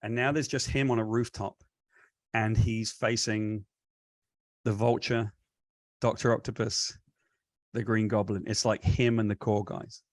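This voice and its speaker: A man's voice: fairly low pitch, a little slow, pauses often, no echo, studio quality. A man being interviewed, telling a long, winding story about his career with many self-corrections. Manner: rambling, animated retelling with self-corrections. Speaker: comic book writer, guest.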